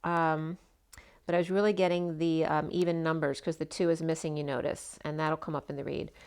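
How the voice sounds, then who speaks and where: A woman giving a casual spoken tarot reading, chatty and meandering, her voice slightly hoarse. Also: sits low, flat delivery, a little fast, a little mellow. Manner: chatty, meandering, full of asides. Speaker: tarot reader.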